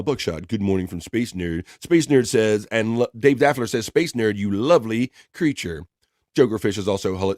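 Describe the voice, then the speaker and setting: A man's voice: mid-range voice, no echo, clean studio sound. A man hosting a live stream, chatting casually and reading out viewer comments with upbeat greetings by name.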